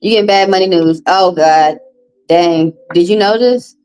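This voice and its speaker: A woman with a Southern US accent reading tarot on a live stream, chatting casually in a profane, animated way. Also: lowish voice, normal speed, faint music behind, rough recording. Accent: Southern US, Texas. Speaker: tarot reader.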